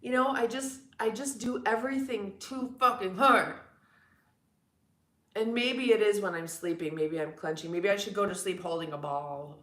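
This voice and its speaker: A woman's voice: medium pitch, normal speed, fairly bright tone, roomy sound. A woman in her forties with a New York accent, chatting frankly with viewers on her livestream. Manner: chatty, frank, blunt, swears casually. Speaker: livestream host. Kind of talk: casual chat with viewers.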